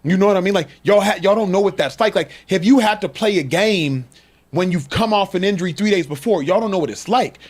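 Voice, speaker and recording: Emphatic high-voiced former player. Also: male voice, fairly quick. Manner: emphatic, repeats his point, storytelling. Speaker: former NFL player, co-host. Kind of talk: casual sports talk.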